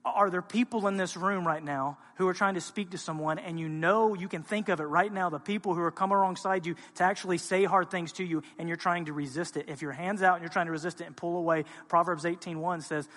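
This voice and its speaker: A man preaching a sermon as a pastor, speaking with passion and moving between quiet, intimate stretches and loud, urgent ones. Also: fairly high pitch, in a large hall. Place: church sanctuary.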